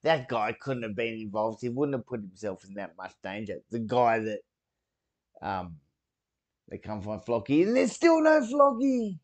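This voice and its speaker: A man hosting a reaction video, talking casually and excitably and swearing freely as he comments. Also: medium pitch, a little slow, lo-fi sound.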